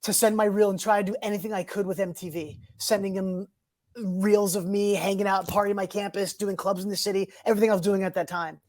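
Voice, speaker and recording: Animated storytelling man, dry close sound. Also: high-pitched, no echo. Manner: animated, rushes ahead and backtracks. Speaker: guest, TV host. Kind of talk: casual storytelling interview.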